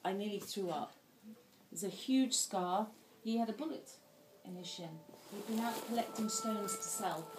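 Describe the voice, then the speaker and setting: A woman's voice: medium pitch, moderate pace, a little mellow, a little hiss or hum. A woman giving an earnest, emotional personal talk as an invited speaker at a dinner. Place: indoor dinner hall. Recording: roomy sound from a distant mic with faint ambience.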